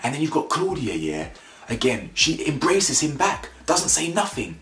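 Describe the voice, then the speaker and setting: A man delivers an animated opinion rant about a reality show, blunt and mocking, imitating cast members in high voices. He's very animated yet unhurried, with a slightly bright voice and a reverberant sound.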